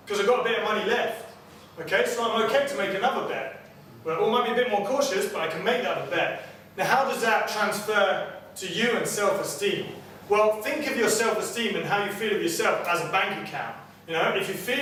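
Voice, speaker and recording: A man, a personal trainer giving an energetic motivational seminar who keeps checking in with his audience. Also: high voice. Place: seminar room with clients. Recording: very echoey room, distant mic, faint noise.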